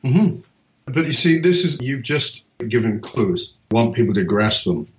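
A man talks as a purpose coach in a podcast chat, driving his points home with emphatic stories and the odd swear word. His voice sits at an ordinary pitch for a man. The sound is roomy with echo and comes across slightly dull and muffled. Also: very animated, normal speed. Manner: emphatic storytelling, casual swearing. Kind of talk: conversational podcast talk.

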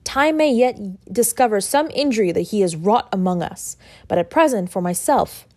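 Woman doing a solemn pious gentleman. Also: medium pitch, animated, normal speed, dry recording, natural voice. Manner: grave and sermonising.

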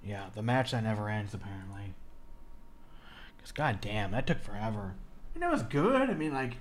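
Lively, cursing podcast co-host man. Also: fairly low pitch, normal speed. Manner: profane, animated, mocks with put-on voices. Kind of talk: casual wrestling podcast chat.

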